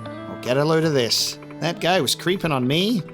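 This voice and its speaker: A man's voice: a little high, expressive, normal speed, a bit bright, faint music behind. A man voicing a brash, sassy young woman in a video game, talking bluntly. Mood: indignant.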